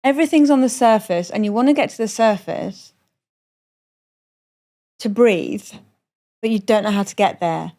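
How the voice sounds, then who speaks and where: Warm in tone and mid-range in pitch, this woman speaks at a moderate pace with long pauses. She is a middle-aged Iranian comedian guesting on a podcast on a moored boat, telling frank, self-deprecating stories and swearing freely.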